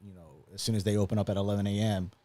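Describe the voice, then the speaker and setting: A man co-hosting a live podcast, talking in a relaxed, rambling way with many ums and likes. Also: on the low side, very fast. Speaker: podcast co-host. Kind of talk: casual live podcast chat.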